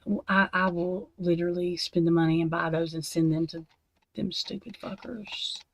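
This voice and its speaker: A woman's voice: on the low side, little pitch movement, fairly quick, a little hiss or hum. Cursing, fuming woman. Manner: angry, profane ranting. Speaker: true crime commentator. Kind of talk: reacting to documents on a livestream. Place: at a desk at home.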